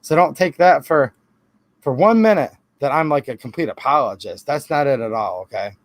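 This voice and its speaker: A man's voice: a little high, expressive, moderate pace. A man hosting a live stream, answering viewer comments in a rambling, emphatic way with defensive asides. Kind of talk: casual live-stream talk.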